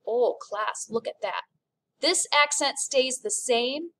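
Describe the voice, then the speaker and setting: A woman with a fairly high voice teaches a class at an unhurried pace. She spells things out with careful, deliberate enunciation. She breaks it up with light, playful asides. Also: a bit bright, slight background noise. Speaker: French teacher. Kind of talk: classroom lesson.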